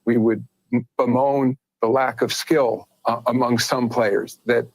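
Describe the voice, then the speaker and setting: A man with an average-pitched voice answering a broadcast interview. He is careful and measured, and he hedges with small fillers as he thinks. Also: level tone, darkish tone, no echo. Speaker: league commissioner.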